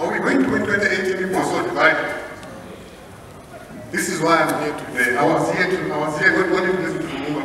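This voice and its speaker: A middle-aged man from Zimbabwe giving an earnest, emotional speech at a public meeting, with some hesitations, heard from across a large hall. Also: fairly high pitch. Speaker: guest speaker. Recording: echoey hall, voice from far off, audible noise.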